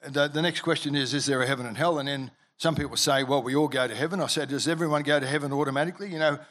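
A man preaching from the pulpit, his voice sitting a little higher than most men's. He tells his story with plenty of restarts and "uh"s, then lifts and gets louder at the exciting parts. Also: racing. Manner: storytelling with many restarts and filler words; lively, rises in pitch and volume when excited. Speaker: pastor. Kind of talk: sermon.

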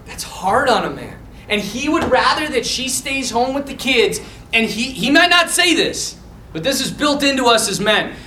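A man with a high, bright voice teaches a Bible class in a loose, animated way, full of fillers and restarts. The room is echoey and he is some distance from the mic. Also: moderate pace, a little hiss or hum. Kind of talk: casual teaching talk to a mixed group.

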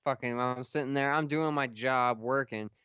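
A man's voice: medium pitch, normal speed, bright, forceful tone, clear, resonant tone, no room sound, dull audio. A young man hosting a casual podcast, swearing and laughing as he tells stories. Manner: profane, laughing storyteller. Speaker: podcast host.

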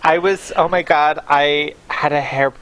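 A speaker in casual chat, joking wryly and laughing a lot, with quick one-liners. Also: medium pitch, fairly even intonation, fairly bright tone. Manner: wry and playful, laughs a lot, with quick quips.

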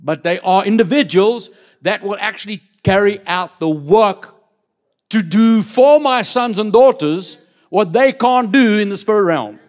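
A man preaches a lively sermon in a fairly high voice. He repeats words as he builds, pushes up to loud emphatic peaks, and keeps turning to the congregation with direct questions. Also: measured pace. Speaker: apostle preaching to a church.

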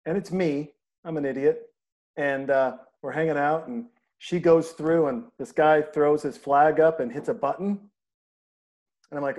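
Man telling a lively travel story. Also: on the high side, moderate pace. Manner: animated anecdote teller, acts out quoted people. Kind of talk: casual storytelling chat.

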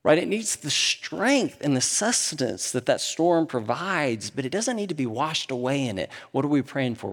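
A middle-aged man preaching a sermon, swinging between animated emphasis and hushed, quiet moments. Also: mid-range voice. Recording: long hall reverb.

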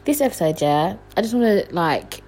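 A young woman telling a casual storytime to her viewers, jumping up in pitch when she quotes herself. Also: moderate pace. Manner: animated, jumps high when quoting herself. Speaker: vlogger. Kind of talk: casual storytime chat to camera.

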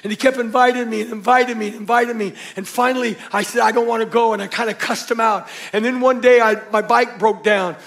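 A middle-aged man preaching with a high, light voice. He tells his stories with energy, hushing some lines almost to a whisper and shouting others as he plays the people in them. This is a pastor at the pulpit in full storytelling mode. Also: steady tone, quick pace, few pauses. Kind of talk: sermon.

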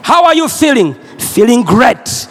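A male preacher from Uganda giving a loud, energetic sermon, repeating phrases and drawing call and response from the congregation. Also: very high-pitched, unhurried.

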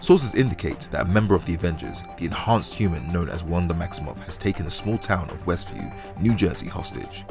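A man's voice: sits low, animated, brisk, gravelly, few pauses, music in the background. A man playing a stiff evening TV news anchor in a comedy sketch, with a formal, projected newsreader delivery.

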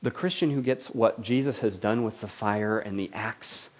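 A man's voice: on the low side, normal speed. A man preaching a sermon in a conversational, questioning way, often acting out the voices he quotes.

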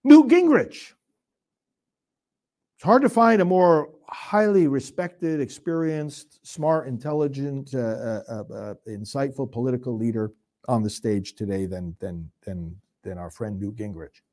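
A man's voice: mid-range voice, darkish tone. A priest giving an impassioned political commentary in a preaching cadence, firing off rhetorical questions and speeding up in bursts as he gets worked up. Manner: rapid bursts when worked up.

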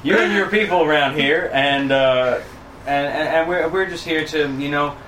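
A tactful frontier ranger, voiced by a man who picks his words slowly with plenty of uhs. The voice is mid-pitched and sounds set back from the mic in a roomy, echoey space. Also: fairly bright tone, slight background noise, lightly acted. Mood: diplomatic. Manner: hesitant, filler-heavy. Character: male ranger lawman, smooth diplomatic talker. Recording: echoey room, distant mic.

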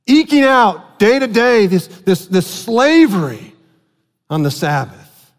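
A man preaching a sermon as pastor, animated and asking his congregation questions. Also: high voice, takes it slowly. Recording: long hall reverb.

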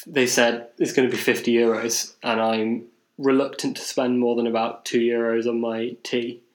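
Young english guy rambling through a story on a podcast, laughs at himself, lots of ums and restarts, mid-pitched voice. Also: level tone, normal speed, poor audio. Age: young adult. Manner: rambling, self-mocking, with many restarts and fillers. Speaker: podcast co-host. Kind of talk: casual storytelling chat.

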